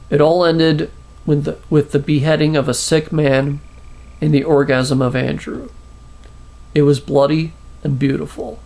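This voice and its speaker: Gravelly, slow man reading his story. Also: a little high, a little mellow. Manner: halting, with restarts and fillers. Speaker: storyteller, channel host. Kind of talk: reading his own short story aloud.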